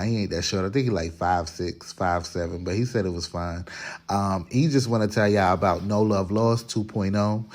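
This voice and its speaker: A podcast host cooks for his family while filming a casual vlog on his phone in his home kitchen. He talks to viewers directly in a chatty way, often restarting sentences, with a fairly low pitch and darkish tone.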